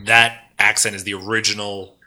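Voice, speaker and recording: A man with a New York accent, telling profane stories fast in casual podcast chat. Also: lowish voice, flat delivery, bright, forceful tone, slight background noise. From New York area.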